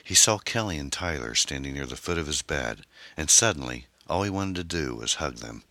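A man with an extremely deep voice reads his own novel as an audiobook. His delivery is unhurried and measured, with lots of rise and fall in the pitch. The tone is bright and the sound is close and dry. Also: animated, dry recording. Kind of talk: scripted audiobook narration.

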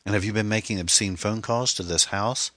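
A man voicing a frightened, stern middle-aged mother who asks sharp, demanding questions. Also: fairly low pitch, brisk, dry recording, pitched above the performer's own voice.

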